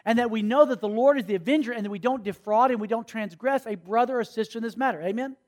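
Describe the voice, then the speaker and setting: High-voiced preacher telling stories. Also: male voice, fast. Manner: storytelling, acts out characters, calls for responses. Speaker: youth pastor. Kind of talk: sermon.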